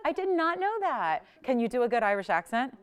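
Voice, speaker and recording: A woman's voice: on the high side, sing-song, brisk, smooth. A woman hosting a live jewelry shopping show, chatty and enthusiastic, laughing often as she sells.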